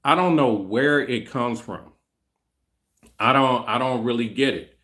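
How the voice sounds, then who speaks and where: Middle-aged male host, slow and easygoing, rambling casual talk aimed at his viewers. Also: mid-range voice, sharp tone. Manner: rambling, repeats himself, speaks to chat directly. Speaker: channel host.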